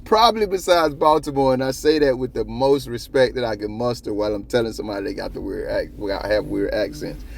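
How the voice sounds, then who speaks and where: A man hosting a copwatch channel, giving casual commentary in a profane, animated, rambling way. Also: medium pitch, fairly quick, vocal fry, hardly any pauses, a little hiss or hum. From South Florida.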